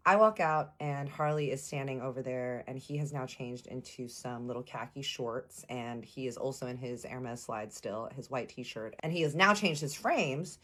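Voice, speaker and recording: A young woman from Texas telling a personal story in a casual vlog, animated, playful and slangy. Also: rumbling low, normal speed, few pauses.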